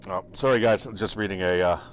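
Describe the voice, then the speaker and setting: A man's voice: sits low, quick pace, a little hiss or hum. A man casually commentating his game live, rambling, thinking aloud and swearing freely. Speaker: game streamer.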